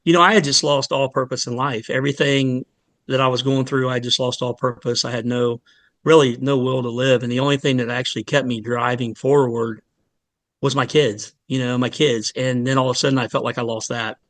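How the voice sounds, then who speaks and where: A middle-aged man, a fire lieutenant, telling his story in a candid podcast interview, earnest and halting with many pauses. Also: mid-range voice, fairly even intonation, a bit bright, dry recording. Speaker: fire department lieutenant, guest.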